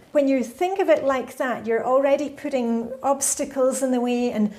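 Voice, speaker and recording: A woman's voice: high voice, moderate pace, darkish tone. Chatty middle-aged woman vlogger. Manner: chatty, laughs often between points. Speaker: lifestyle vlogger. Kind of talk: casual Q&A chat to camera.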